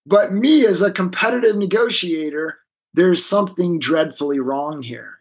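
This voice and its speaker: A man, a guest in an interview, telling an animated story and acting out the other people's lines. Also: high voice, measured pace, slightly rough, low-quality recording. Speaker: guest, negotiation expert. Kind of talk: storytelling in a conversation.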